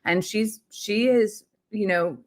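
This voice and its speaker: A woman's voice: mid-range voice, slow. Chatty woman. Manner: chatty, animated. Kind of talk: casual chat. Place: home and backyard.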